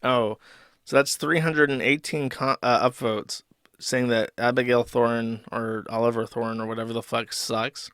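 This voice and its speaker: A man's voice: medium pitch, steady tone, measured pace, a bit bright, clean tone, no room sound, studio quality. A man hosting a livestream, reading chat and forum comments aloud and reacting in a crude, mocking way.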